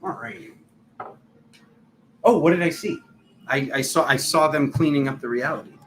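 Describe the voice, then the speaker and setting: A man's voice: mid-range voice, normal speed, a bit bright. A man hosting a casual live tarot reading, chatty and filler-heavy, often laughing at himself. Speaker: tarot reader and channel host. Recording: echoey room, faint background noise.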